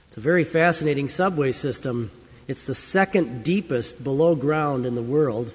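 Earnest preacher in a reverberant hall. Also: male voice, mid-range voice, normal speed, slightly rough. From United States. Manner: earnest storytelling preacher, emphatic questions. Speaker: pastor. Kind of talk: sermon with scripture reading.

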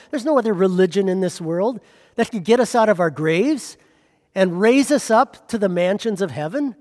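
A man's voice: high voice, lively intonation, normal speed, a little mellow, in a large hall. A man preaching a sermon as pastor, pressing with rhetorical questions.

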